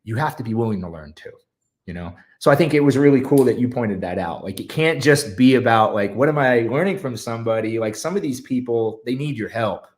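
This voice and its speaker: A man's voice: medium pitch, lively intonation, fairly quick. A man speaking as a podcast guest, earnest and encouraging, with lots of "like" and "you know". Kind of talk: casual podcast chat.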